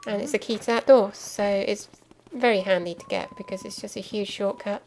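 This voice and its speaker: A young woman with a medium-pitched, darkish voice talks a little fast through casual gameplay commentary, chatty and explanatory, with lots of ums and tangents. The recording is poor, carrying a little hiss or hum, and game music is clearly heard behind her.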